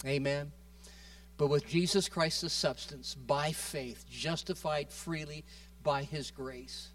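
A man preaching a sermon, asking "amen?" and climbing loud and high when he acts out a quote. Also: slow, recorded from a distance. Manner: animated, rises loud and high when quoting Moses; repeats words and restarts, asks the congregation "amen?".

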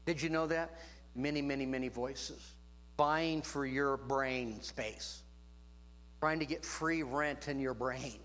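A man's voice: mid-range voice, fairly even intonation, slow pace, a bit bright. Preaching man with emphatic amens. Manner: preaching with stretched, emphatic phrases and call-and-response amens. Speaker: pastor. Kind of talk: sermon. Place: church room with congregation.

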